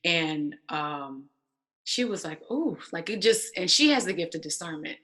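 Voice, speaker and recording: A woman guest telling a personal story in casual conversation, animated and acting out quoted voices. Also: fairly low pitch, a little slow. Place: church stage.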